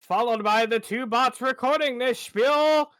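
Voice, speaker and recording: Brief: mock show announcer, high and unhurried, dry close sound, a man putting it on. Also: fairly bright tone, no room sound. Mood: grandiose. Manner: mock-grand introductions. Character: booming male show announcer.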